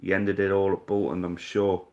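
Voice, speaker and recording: Casual male quiz host, deep voice, mutters and swears as he thinks, chummy with players. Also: level tone, normal speed, darkish tone, dull audio. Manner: thinks aloud, swears casually, calls people mate. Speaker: live-stream quiz host. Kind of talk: casual live-stream chat.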